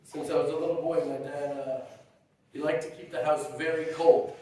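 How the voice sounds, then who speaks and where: Guy giving a eulogy for his dad, halting and emotional, kinda high voice, far off and super echoey. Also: flat delivery, slight background noise. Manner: halting and emotional, warm humor. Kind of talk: heartfelt funeral eulogy. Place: funeral gathering.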